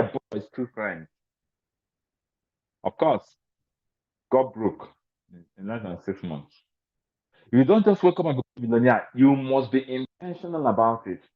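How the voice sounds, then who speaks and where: A man giving a motivational seminar talk to a large audience, speaking in an emphatic, repetitive, preacher-like cadence. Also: medium pitch. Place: large event venue. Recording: tinny, phone-like sound.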